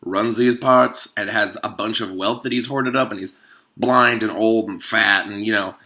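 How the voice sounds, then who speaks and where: A man giving a casual, comedic commentary on a movie, animated and sarcastic, rambling with many fillers. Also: fairly low pitch, moderate pace. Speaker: video host.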